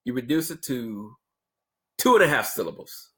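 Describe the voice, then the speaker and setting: Blunt husky man ranting. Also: medium pitch, big pitch swings, normal speed, a bit bright. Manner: emphatic, blunt, lecturing. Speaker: vlogger. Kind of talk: opinion rant to camera.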